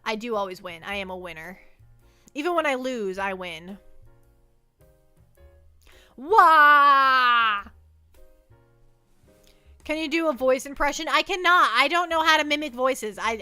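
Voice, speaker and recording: A woman's voice: on the high side, expressive, a little fast, sharp tone, smooth, soft background music. A woman livestreaming from her desk at home, chatting playfully and rambling as she reads chat messages aloud.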